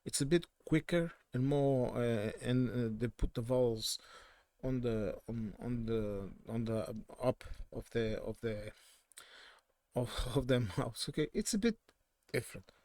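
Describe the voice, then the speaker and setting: A man's voice: mid-range voice, unhurried, darkish tone, no echo. Portuguese man giving opinionated commentary. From southern Portugal. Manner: opinionated, digressive, frequent self-corrections. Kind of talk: casual political commentary.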